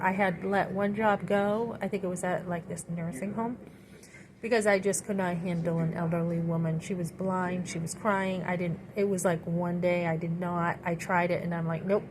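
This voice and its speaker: A middle-aged woman in a rambling personal monologue, full of fillers and restarts. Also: fairly low pitch. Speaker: vlogger. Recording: noisy background.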